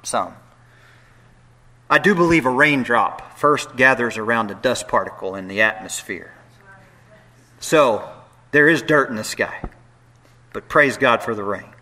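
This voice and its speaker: A man preaching a sermon, moving between hushed, quiet lines and loud, animated bursts, with playful asides to the congregation. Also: mid-range voice, measured pace. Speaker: pastor.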